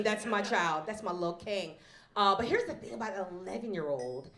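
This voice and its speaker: A woman telling a stand-up comedy story, animated and acting out the voices, before a live audience. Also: mid-range voice, a little fast. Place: event hall with live audience. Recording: roomy hall echo.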